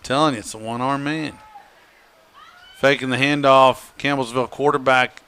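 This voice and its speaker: A man calling a high school football game play-by-play, chatty and joking. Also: fairly even intonation, normal speed, pushed and bright, slight background noise. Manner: chatty, joking, laughs often. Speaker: play-by-play announcer.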